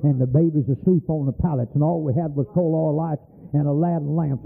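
A man's voice: high-pitched, creaky, husky. An older man preaching a fervent, folksy sermon, telling stories with passion. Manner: impassioned, storytelling, folksy. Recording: tinny lo-fi old tape.

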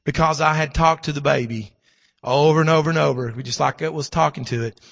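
A middle-aged male pastor delivers a sermon in a high, gravelly, hoarse voice. He swings from fervent preaching to hushed storytelling. The bright sound rings with a long hall reverb. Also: fairly quick, dull audio.

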